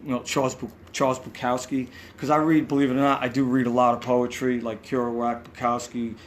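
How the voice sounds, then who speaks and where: A man's voice: mid-range voice, level tone, fast talker, slight background noise. A man with a New York accent tells rambling backstage stories in a casual interview, acting out quotes and swearing now and then. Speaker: musician guest. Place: hotel room.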